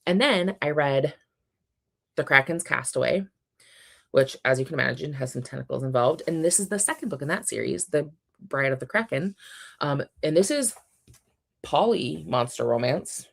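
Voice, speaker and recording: A woman's voice: sits low, lively intonation, moderate pace, creaky. A young woman hosting a casual book livestream, reading out chat messages and gushing with frequent laughs and ums. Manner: chatty, gushing, laughs often, many ums.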